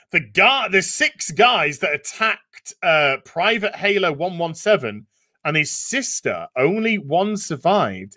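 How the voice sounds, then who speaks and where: Man, casual live-stream co-host, swears a lot, lively pitch, fairly high voice. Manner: profane, laughing, animated. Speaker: livestream co-host reading super chats.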